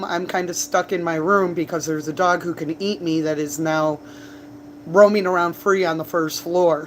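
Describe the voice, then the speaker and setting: A woman rambling through casual stories on a livestream, with a voice that sits a little low. She chats from a bar indoors, and a faint hum runs underneath. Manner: chatty, rambling, laughs and coughs between stories. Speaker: livestreamer and bartender.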